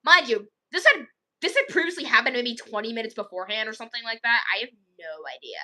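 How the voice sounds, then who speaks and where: High bright chatty young woman. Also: sing-song, fast. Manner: chatty, acts out quoted kids, many "like"s. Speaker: vlogger. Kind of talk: casual storytelling.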